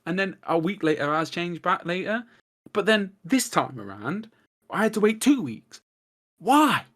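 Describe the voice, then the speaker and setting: An English man chatting as a podcast guest, rambling excitedly through stories, swearing and laughing, on a cheap microphone over a video call. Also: high-pitched, measured pace. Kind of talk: casual chat. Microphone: cheap desktop mic on a video call.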